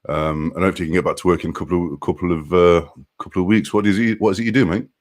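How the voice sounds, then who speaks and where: Man, low voice, relaxed live-stream chat, laid-back, greets viewers, laughs a lot. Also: racing. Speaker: live streamer and truck driver.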